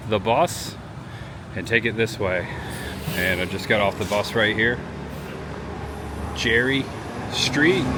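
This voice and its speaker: A man talking casually as a travel vlogger, chatty and reflective, sometimes getting emotional as he walks through a city. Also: on the low side. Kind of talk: casual vlog narration. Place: outdoors on city streets. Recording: outdoor street noise.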